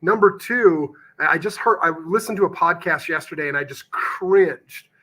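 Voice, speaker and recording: On a podcast, a real estate investor talks about his deals with passion and emphasis, bringing a salesman's punch and the odd casual swear. His voice is a little high, pushed and bright with a breathy edge, at normal speed.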